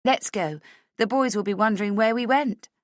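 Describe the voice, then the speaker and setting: Lady playing a chatty mothering girlfriend, calls everyone hun, pitched up, dry close audiobook read. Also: moderate pace, dry recording, natural voice. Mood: brisk. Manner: soothing, chatty, fond pet names. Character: fussing, motherly young woman friend. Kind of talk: audiobook character voice.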